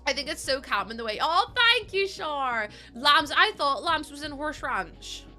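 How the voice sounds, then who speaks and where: A chatty young woman streams a building game and talks to her viewers in a high, bright voice. Her pitch bounces all over as she giggles and gushes her thanks. Soft game music plays underneath. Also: big pitch swings, unhurried. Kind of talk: casual live-stream chat while gaming. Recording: faint game music behind.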